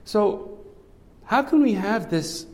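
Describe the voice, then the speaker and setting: A man's voice: sits high, lively intonation, slow pace, a little mellow. A man preaching a sermon in a conversational way, often checking in with "right?". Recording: long hall reverb.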